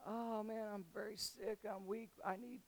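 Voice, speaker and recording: Man playing a young prince faking sickness, whiny and weak, a bit higher and softer than his own voice. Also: flat delivery, normal speed. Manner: weak, pleading, faking illness.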